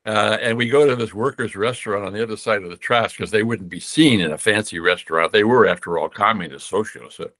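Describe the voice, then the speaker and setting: An older man from the United States tells a long story as a podcast guest. He backtracks and restarts often and gets lively whenever he quotes someone. The sound is close and dry, with no room around him. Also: on the low side, fast talker, hardly any pauses, dry recording. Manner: rambling, many restarts, animated when quoting others. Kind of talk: storytelling interview.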